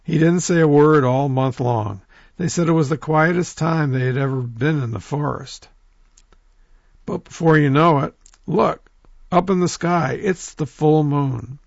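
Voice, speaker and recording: A man telling a folk tale in a lively oral storytelling manner, talking straight to his listeners. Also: fairly high pitch, measured pace, vocal fry, no echo, dull audio. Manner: lively, animated, addresses listeners directly.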